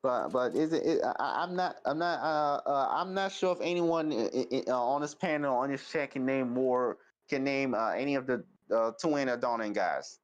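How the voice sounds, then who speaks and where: A man's voice: medium pitch, moderate pace, few pauses, highs cut off. A man chatting as a guest on a live stream, stammering and restarting his sentences. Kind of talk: casual chat.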